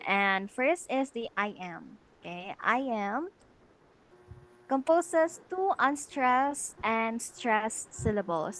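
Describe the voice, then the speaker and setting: A woman's voice: a little high, slight background noise, poor audio. A young woman student with a Filipino English accent presenting a lesson, explaining step by step with many "okay, so" restarts. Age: young adult. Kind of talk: classroom lecture presentation.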